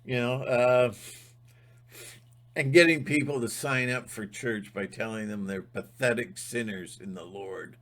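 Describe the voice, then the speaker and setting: Male channel host, fired-up ranting monologue, unhurried but intense. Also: medium pitch. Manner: emphatic, fired-up, sometimes shouting.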